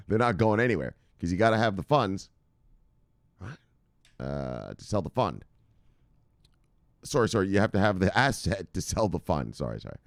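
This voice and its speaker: A deep-voiced man hosts an informal crypto news show from his computer. His voice rises and falls a lot as he riffs and swears. The recording is dry and close, with no room sound. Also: no echo. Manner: loose, profane and chatty, laughs often. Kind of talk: casual news commentary.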